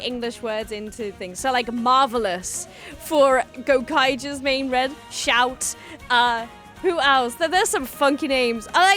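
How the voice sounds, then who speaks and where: A woman with a high, bright voice gives excited reaction commentary, her pitch swinging widely as she breaks into shouts and squeals. Faint music plays underneath. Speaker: reaction video host.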